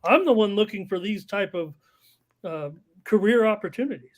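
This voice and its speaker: A man's voice: high voice, animated, moderate pace. A man co-hosting a casual sports betting stream, joking, telling stories and laughing often. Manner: jokey storyteller, puts on voices, laughs often. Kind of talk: casual chat.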